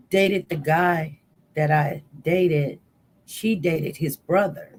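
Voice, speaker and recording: Woman rambling thru a storytime to her viewers, does everyone's voices. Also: mid-range voice. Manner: chatty, animated retelling with quoted voices. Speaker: channel host.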